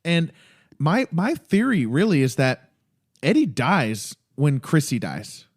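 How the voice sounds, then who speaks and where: A man's voice: fairly high pitch, takes it slowly. A man co-hosting a TV rewatch podcast, talking emotionally and acting out quoted lines. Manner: emotional, animated, quotes scenes in a raised voice. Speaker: podcast co-host. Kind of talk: casual chat.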